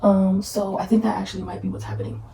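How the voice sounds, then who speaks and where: Young woman vlogger, tired, dramatic and self-mocking, mid pitch, gravelly edge, faint background hiss. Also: little pitch movement, quick pace, dark tone, reverberant. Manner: chatty, dramatic and self-mocking, drops to whispers. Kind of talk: casual vlog chat. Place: indoors at home while painting.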